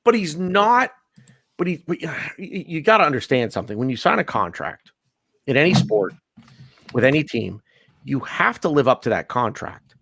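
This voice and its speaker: A man hosting a casual football postgame chat, blunt and animated, swearing freely. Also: fairly high pitch, normal speed, creaky, no echo. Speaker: podcast host.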